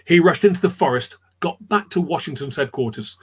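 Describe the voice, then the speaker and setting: A man's voice: fairly high pitch, lively intonation, a little fast, husky. A man telling history anecdotes in a rambling, chatty way on a live chat show, repeating his words as he goes. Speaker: storyteller guest.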